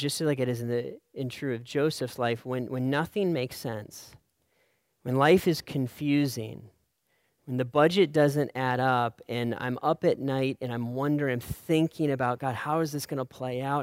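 A man preaching a sermon in an earnest way, often checking in with "right?" and letting his voice fall soft on key lines. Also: mid-range voice, clear, resonant tone, no room sound, studio quality. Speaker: pastor.

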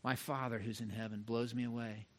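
A middle-aged man preaching a sermon as pastor, animated and talking straight to the congregation, acting out little voices to make his points. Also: mid-range voice, brisk. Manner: animated, mimics voices for illustration, direct address to congregation.

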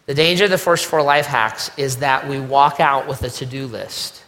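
A man's voice: mid-range voice, normal speed, fairly bright tone, long reverb tail. A middle-aged man preaching a conversational sermon, repeating key lines and acting out quoted voices. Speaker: pastor.

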